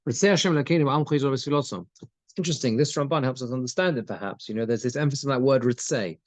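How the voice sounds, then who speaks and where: A man's voice: medium pitch, quick pace, no room sound. A man teaching a conversational Torah class as a rabbi, reading Hebrew phrases and translating them as he goes, with frequent restarts.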